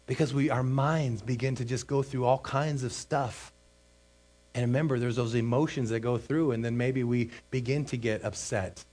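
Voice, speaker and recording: A man's voice: mid-range voice, darkish tone. A man preaching a sermon as pastor, emphatic, stretching out and repeating key phrases.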